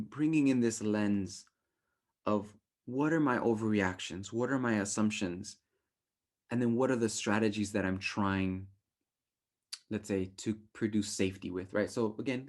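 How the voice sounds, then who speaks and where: With a mid-range voice, this young adult man guides a relationship workshop casually and with plenty of energy. He often performs quoted thoughts in playful voices.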